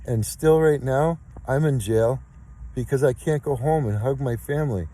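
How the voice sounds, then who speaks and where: A man's voice: medium pitch, moderate pace, dark tone, a little hiss or hum, rough recording. A man in his fifties, speaking in an aggrieved, insistent monologue about his case and repeating his points. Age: 50s. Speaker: complainant recording his case. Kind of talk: emotional spoken monologue.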